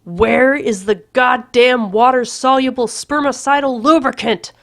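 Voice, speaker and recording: A woman voicing a vain, impatient young man who calls back in loud, clipped shouts. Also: on the low side, expressive, slow, creaky, no echo, clean studio sound, exaggerated voice. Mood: irritated.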